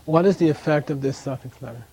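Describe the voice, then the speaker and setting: A man's voice: fairly high pitch, fast talker, dark tone, husky. A man teaching a language class in a classroom, chatty, often checking in with "okay?" and drilling pronunciation.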